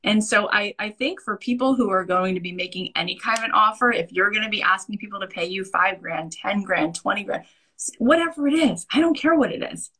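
A woman's voice: medium pitch, a little fast, sharp tone, breathy edge. A woman business coach in casual conversation, stressing her points emphatically and often checking in with "right?". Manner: emphatic, repeats points, tags lines with "right?".

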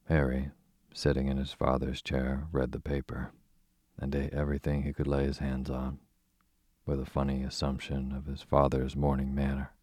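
A man reads an old-fashioned children's story in an extremely deep voice with a husky grain. His delivery is steady and almost monotone. The recording is dry and close. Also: moderate pace, dry recording. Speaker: audiobook narrator. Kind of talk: storybook narration.

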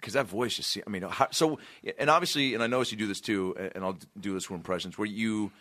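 A man's voice: on the low side, fast, bright, forceful tone. A young man hosting a podcast, chatting casually, rambling and laughing as he talks. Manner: rambling, laughing, restarts often. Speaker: podcast host. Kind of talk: casual comedy chat.

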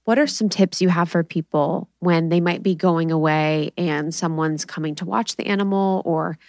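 Animated woman telling a casual story. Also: lowish voice, normal speed, no room sound, clean studio sound. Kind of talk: casual chat.

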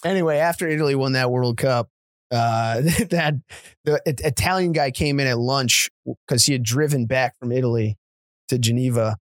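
A man's voice: mid-range voice, moderate pace, dry recording, clean studio sound. A man co-hosting a comedy podcast, telling rambling stories and laughing often. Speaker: podcast co-host. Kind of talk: casual podcast storytelling.

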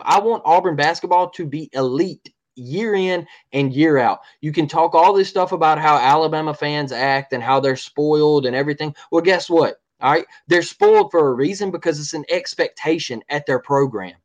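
A man's voice: on the high side, normal speed, few pauses, lo-fi sound. A man co-hosting a sports podcast, ranting in a heated, repetitive way and often asking "all right?". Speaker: podcast co-host.

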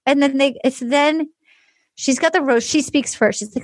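A woman's voice: high-pitched, moderate pace, no room sound. A woman podcast host recapping in casual chat, telling the story with animation and acting out quotes, with lots of "like".

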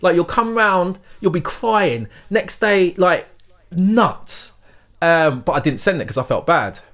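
A man's voice: high voice, lively intonation, a bit bright. A man hosting a podcast, chatting casually and laughing through his stories. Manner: chatty, laughing, quick asides. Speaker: podcast host.

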